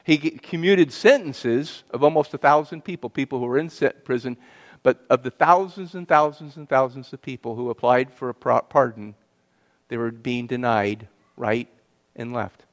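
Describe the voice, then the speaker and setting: A man's voice: medium pitch, moderate pace. A middle-aged man giving an earnest personal testimony as a guest speaker, telling his story and asking the audience questions. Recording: long hall reverb.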